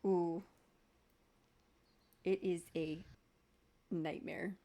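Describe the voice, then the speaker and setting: A woman's voice: mid-range voice, moderate pace. A young woman chatting and rambling while she knits on a live stream, laughing often and still getting over an illness. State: recovering from being sick. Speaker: knitting streamer. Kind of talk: casual chat while knitting on a live stream.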